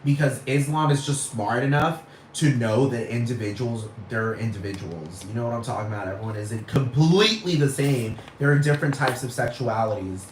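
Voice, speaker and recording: A man's voice: medium pitch, a little fast, hardly any pauses, a little hiss or hum. A man giving a blunt, heated, profane rant as a vlogger, repeating his points. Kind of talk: profane ranting monologue. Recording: echoey room.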